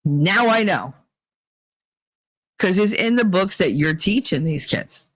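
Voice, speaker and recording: A woman's voice: lowish voice, animated, takes it slowly, fairly bright tone, no echo. A woman hosting a casual talk show, telling stories in a blunt, profane and rambling way. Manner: blunt and profane, heated retelling; rambling with many restarts. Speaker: podcast host. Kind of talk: casual opinion chat and storytelling.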